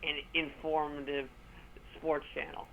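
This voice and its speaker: A man's voice: a little high, flat delivery, a little slow, fairly bright tone, dull audio. Sarcastic man co-hosting sports talk. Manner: sarcastic, rambling asides. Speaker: co-host.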